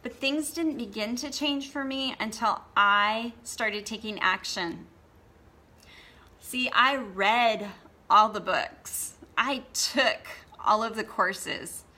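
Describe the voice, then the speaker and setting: A woman's voice: on the high side, slow pace, sharp tone. A woman hosting a blogging course gives an earnest motivational talk to the camera and often adds "okay?" for emphasis. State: tearful, emotional.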